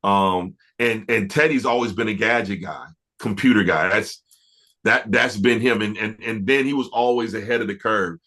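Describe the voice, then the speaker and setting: Bright-voiced man telling studio stories. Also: on the low side, moderate pace. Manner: relaxed, reflective, many fillers and restarts. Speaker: music producer, interview guest. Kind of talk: casual interview storytelling.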